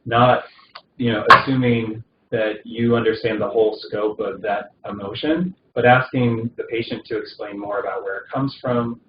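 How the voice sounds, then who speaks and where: A man's voice: on the low side, steady tone, moderate pace. A man teaching a recorded session on palliative care, talking conversationally with many fillers and restarts. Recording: dull roomy recording with faint noise.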